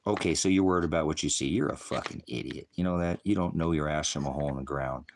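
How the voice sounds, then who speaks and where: A man's voice: extremely low pitch, quick pace, a little hiss or hum. A man delivering a heated, profane livestream rant at his viewers, mixing insults with scripture quotes. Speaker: online preacher and streamer.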